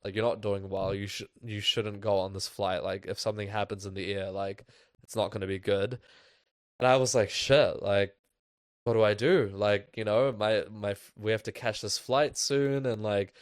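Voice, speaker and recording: A young man with a low, smooth voice tells a long personal story on a podcast. He rambles casually and peppers his sentences with fillers. The sound is dry and close-miked. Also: steady tone, moderate pace, no echo. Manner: loose, filler-heavy storytelling with lots of "like". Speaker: podcast host.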